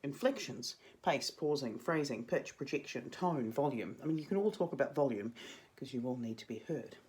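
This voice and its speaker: A woman's voice: a bass voice, lively intonation, moderate pace, a little mellow. Chatty New woman teaching drama. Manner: chatty, jokey asides. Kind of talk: casual video lesson to students.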